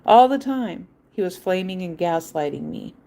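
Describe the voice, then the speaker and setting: A woman's voice: lowish voice, animated, normal speed, vocal fry, mellow, a little hiss or hum. A woman hosting a livestream, telling a personal story in a rambling, emphatic way and repeating her points. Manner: acts out quoted voices. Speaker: livestream host. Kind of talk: casual personal monologue.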